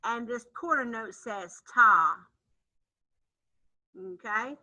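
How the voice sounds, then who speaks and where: A woman music teacher leading an online lesson for young children, chanting syllables in an animated, sing-song voice. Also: on the high side, a little slow, lo-fi sound. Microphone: computer mic on a video call.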